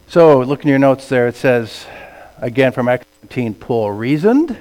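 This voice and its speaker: A man preaching a sermon as pastor, swinging between quiet remarks and loud emphatic passages. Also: medium pitch. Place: church sanctuary. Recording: long reverb of a large hall.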